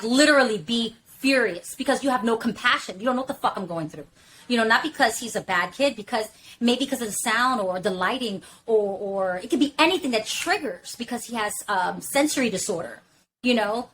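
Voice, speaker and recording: An outspoken woman in casual podcast talk, her voice sitting fairly high. She speaks candidly and emphatically, drops curse words freely, and keeps circling back with "you know what I'm saying". A faint hiss of background noise sits under her. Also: fairly bright tone, rough recording. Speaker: podcast talker.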